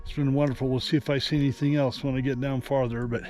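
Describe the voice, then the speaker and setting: A middle-aged man speaks at a steady, middle pitch in a loose, rambling way, full of "uh"s, as he vlogs outdoors from a mountain overlook. Faint music sits quietly underneath his voice. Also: fast. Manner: relaxed, rambling, many fillers. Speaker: nature photographer vlogger. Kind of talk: casual outdoor vlog narration.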